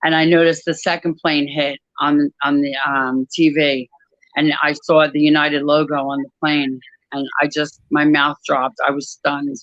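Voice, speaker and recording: A woman giving a personal testimony about her work at an airline crew desk, talking in a halting way with many pauses and restarts. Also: sits low, little pitch movement, fairly bright tone, no echo, lo-fi sound.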